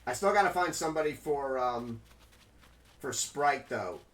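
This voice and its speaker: A man's voice: mid-range voice, lively intonation, measured pace, fairly bright tone. A man live-streaming a game, rambling casually to his chat in a loose, chatty way.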